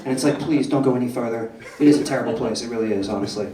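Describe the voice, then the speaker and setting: A man's voice: medium pitch, very fast, mellow, recorded from a distance, a little hiss or hum. A young man doing a stand-up comedy set in a club, brash and profane, often asking the crowd "right?". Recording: roomy club echo, voice off-mic.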